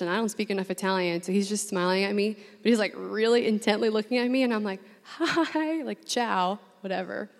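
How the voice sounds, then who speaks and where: A young woman from New Orleans telling a personal story to a room full of women, chatty and animated, laughing often and saying 'like' a lot. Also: medium pitch. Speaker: speaker addressing a women's gathering. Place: large room with an audience. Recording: long hall reverb.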